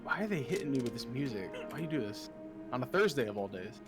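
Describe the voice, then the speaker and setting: Over background game music, a fast-talking American guy banters and teases his partners in a co-op game stream. His medium-pitched voice swings widely in pitch.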